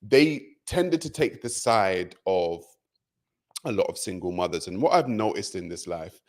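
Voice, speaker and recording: Low-voiced earnest male podcast host. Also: animated, unhurried. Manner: earnest and teasing, emphatic. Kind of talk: casual podcast chat.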